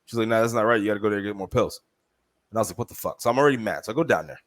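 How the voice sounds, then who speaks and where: A man co-hosting a podcast, telling a story in casual chat, profane and heated, animated as he goes. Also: fairly low pitch, rapid-fire. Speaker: podcast co-host.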